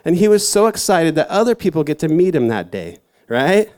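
A man's voice: high voice, expressive, moderate pace, darkish tone. A man giving a casual, rambling sermon to a youth group, full of fillers and self-mocking asides. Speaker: youth church speaker.

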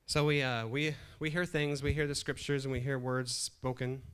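A middle-aged man giving a sermon in a plain, mid-pitched voice. He preaches conversationally, repeating and restarting phrases as he builds emphasis. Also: fairly even intonation, normal speed, a bit bright, clear, resonant tone. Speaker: pastor.

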